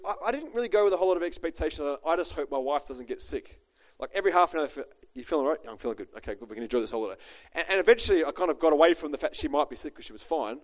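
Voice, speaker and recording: A middle-aged man, a pastor preaching a chatty, joking sermon built on a personal story. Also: a little high.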